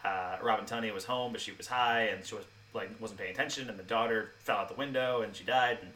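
A man co-hosting a podcast, chatting casually about a film, quick and animated, laughing often. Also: fairly low pitch, distant mic, a little hiss or hum. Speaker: podcast co-host.

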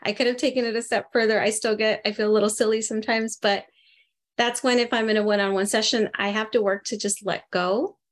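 A woman working as a medium who gives a spirit reading to a participant during a live group session, talking in a chatty, animated way and often laughing. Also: mid-range voice, a little fast. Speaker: medium, interview guest.

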